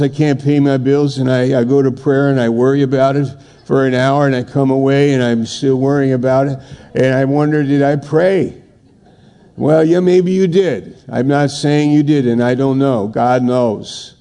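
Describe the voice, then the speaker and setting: Mellow-voiced male preacher. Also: medium pitch, smooth. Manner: conversational preaching with rising emphatic bursts and restarts. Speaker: pastor. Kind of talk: sermon.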